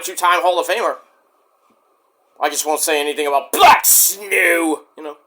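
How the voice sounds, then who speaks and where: A male wrestling vlogger rants in a rambling, animated way, breaking into sudden shouts. His voice is bright and fairly high, and it swings widely in pitch. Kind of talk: casual ranting review.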